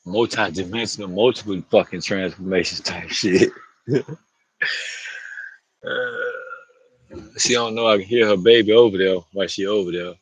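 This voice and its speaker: A man's voice: fairly low pitch, unhurried, pauses often, slightly rough, no echo, rough recording. A man talking to camera outdoors in a loose, rambling monologue, slangy and profane, often laughing. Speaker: vlogger.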